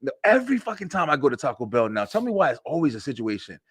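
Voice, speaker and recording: A young man with a high, lively voice tells rowdy stories on a web show, laughing often and swearing freely. His pitch swings up sharply when he gets excited. The sound is dry and close. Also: racing, breathy edge, no room sound. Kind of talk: casual comedic storytelling.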